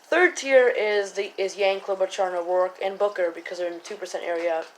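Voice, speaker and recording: A woman's voice: mid-range voice, fairly quick, slight background noise, poor audio. Rambling, self-correcting female vlogger. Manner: rambling, keeps correcting herself, many fillers. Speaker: political vlogger. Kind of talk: casual commentary to camera.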